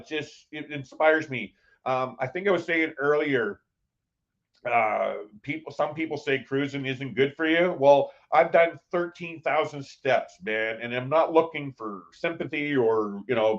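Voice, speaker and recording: A man's voice: medium pitch, unhurried, highs cut off. Rambling man live-streaming on a phone. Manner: rambling, with many fillers and restarts. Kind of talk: casual live-stream chat. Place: cruise ship.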